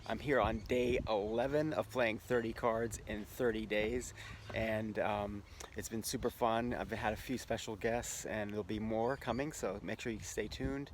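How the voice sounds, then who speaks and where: A man's voice: lowish voice, fairly even intonation, moderate pace, low-quality recording. A man hosting a casual vlog, telling an anecdote in a chatty way and laughing often as he goes. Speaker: host. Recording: noticeable background noise.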